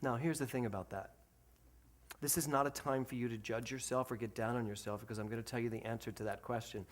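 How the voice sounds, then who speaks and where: A man giving a sermon at a spiritual center, telling stories in an animated, humorous way. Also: medium pitch, fast. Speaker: minister.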